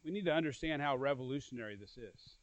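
A man preaching a sermon earnestly. His voice swells louder and then drops soft, and he repeats phrases and restarts words as he goes. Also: mid-range voice, lively intonation, quick pace, no echo, muffled recording. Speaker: pastor.

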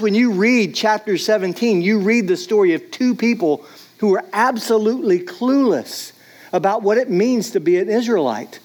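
A man's voice: sits high, a little mellow. A man preaching a sermon in a casual, conversational way, often saying "like". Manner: casual, conversational, many "like"s, acts out voices. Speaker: pastor.

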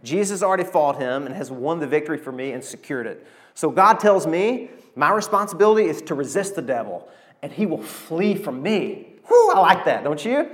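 A man, preaching a sermon and telling stories with animated, emotional delivery. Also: a little high, moderate pace. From Arkansas, USA. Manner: animated storytelling preacher, emotional, calls to the congregation. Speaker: pastor.

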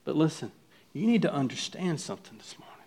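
A pastor preaching a sermon, swinging from quiet, hushed statements to loud, pleading questions to the congregation. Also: male voice, a little high, very animated, quick pace, slightly rough.

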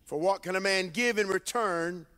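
A man's voice: high voice, fairly bright tone, clean tone. Man preaching in a reverberant hall. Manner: emphatic call-and-response preaching, drawn-out phrases. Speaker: bishop preaching. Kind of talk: sermon. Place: church sanctuary with congregation.

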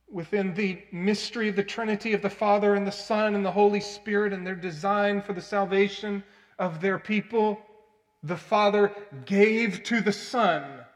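A man preaching a sermon, telling stories earnestly and breaking into loud, emphatic bursts. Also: high-pitched, fairly even intonation, unhurried. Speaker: pastor. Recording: long hall reverb.

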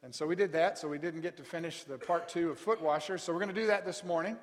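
A man preaching a sermon and reading scripture aloud, with heavy emphasis on key words that he slows right down to stress. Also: fairly high pitch, in a large hall. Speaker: pastor.

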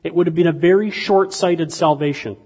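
A man preaching a sermon in a conversational, animated way that swings between quiet asides and loud bursts. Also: fairly high pitch, brisk, husky. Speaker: pastor. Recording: dull lo-fi sound with long hall reverb.

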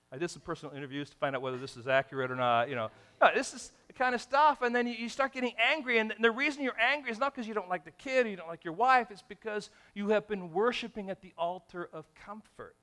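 A man preaching a sermon in a church, animated and acting out everyday scenarios in different voices. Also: high-pitched, fast talker, few pauses. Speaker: pastor.

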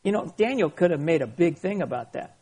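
A man who is a pastor, preaching a sermon and reading scripture aloud slowly and expressively. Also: fairly high pitch, lively intonation, mellow, breathy edge.

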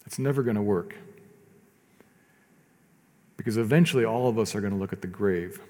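A male pastor preaching a sermon in a conversational way, swinging between quiet asides and loud emphatic stretches. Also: lowish voice, moderate pace, in a large hall.

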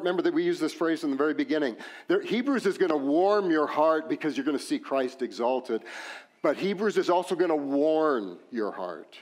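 Speaking with a West Texas accent and a slightly high voice, a man preaches as pastor with lively energy, using joking asides and emphatic questions that rise in pitch.

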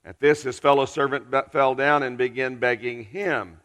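Bright-voiced preacher in a reverberant hall. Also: male voice, medium pitch, steady tone. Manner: earnest, personal storytelling with dramatic pauses. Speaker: pastor. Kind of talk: storytelling sermon.

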